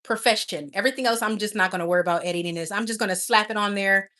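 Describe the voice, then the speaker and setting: A woman's voice: medium pitch, racing, sharp tone. A woman hosting a casual livestream, chatting affectionately with viewers and laughing often. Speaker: livestream host.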